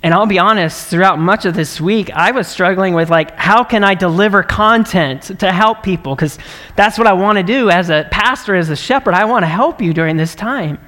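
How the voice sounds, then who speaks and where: Male pastor, slightly high voice, earnest conversational preaching, big reverberant sanctuary. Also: normal speed. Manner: conversational, earnest, warm laughs and frequent "right?". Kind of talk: livestreamed sermon. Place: large church sanctuary. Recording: long reverb of a large hall.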